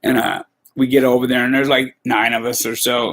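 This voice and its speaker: A man's voice: medium pitch, little pitch movement, brisk, creaky, a bit bright. A man hosting a podcast, telling a rambling, profane work story in casual talk. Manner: profane, rambling, peppers with "you know". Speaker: podcast host.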